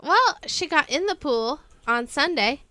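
A woman's voice: sits high, animated, unhurried, bright, forceful tone, no room sound. A middle-aged woman co-hosting a podcast, chatting in an easygoing way. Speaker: podcast co-host. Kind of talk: casual chat.

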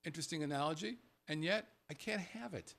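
A man co-hosting a casual podcast, reading out listener names with playful, animated banter that drops into murmured asides. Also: fairly high pitch, fast, vocal fry. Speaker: co-host.

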